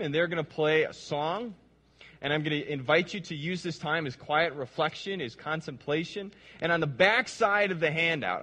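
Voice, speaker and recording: A male pastor preaching a sermon with passion, dropping to hushed, slow phrases and then rising to emphatic ones. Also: fairly high pitch. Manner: impassioned, swings between hushed and emphatic.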